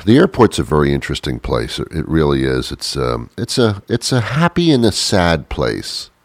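Deep-voiced male host, rambling comic monologue, chuckly, dry close sound. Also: normal speed, no room sound. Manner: chuckling, self-interrupting, animated impressions.

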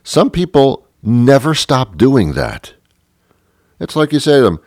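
A man's voice: medium pitch, big pitch swings, a little slow, darkish tone, no room sound. A man, a radio host, delivering a rambling, sarcastic, exasperated comic monologue into a close studio mic. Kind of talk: comedic monologue.

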